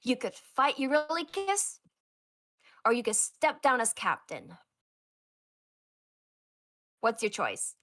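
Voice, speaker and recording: A woman's voice: fairly high pitch, big pitch swings, takes it slowly, long pauses, a bit bright. A woman acting as game master, narrating a tabletop role-play with dramatic, stammering storytelling.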